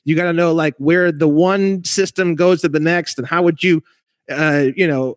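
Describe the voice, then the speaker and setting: A man's voice: high voice, moderate pace, no echo, clean studio sound. A man ranting in casual conversation over a video call, emphatic, rambling and profane, as a guest legal researcher.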